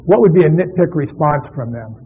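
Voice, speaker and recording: A man's voice: fairly high pitch, expressive, a little fast, husky. A man presenting a workshop to therapists, talking conversationally and quizzing his audience. The recording is a tinny, lo-fi cassette.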